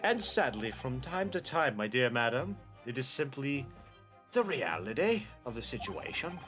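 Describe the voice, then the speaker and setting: A man putting on a stately Victorian English gentleman. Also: mid-range voice, very animated, faint music behind. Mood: formal. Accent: put-on British, drifting. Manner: measured, formal, theatrical.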